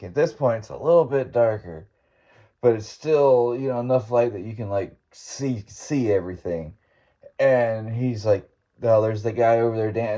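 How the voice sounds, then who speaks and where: Man, podcast host, casual storytelling, rambling, low voice, dark tone. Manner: rambling, laughs often, quotes his friend. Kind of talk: casual ghost story retelling.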